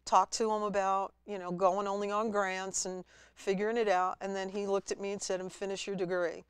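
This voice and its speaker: A woman guest at a college TV studio, telling her story in a lively way and acting out her own past words. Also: medium pitch, brisk, clear, resonant tone, dry recording. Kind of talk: storytelling interview.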